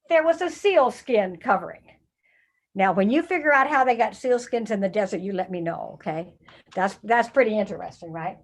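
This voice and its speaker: An older woman telling a Bible story to children in a lively way, often asking them questions. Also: a little high. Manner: animated, asks children questions.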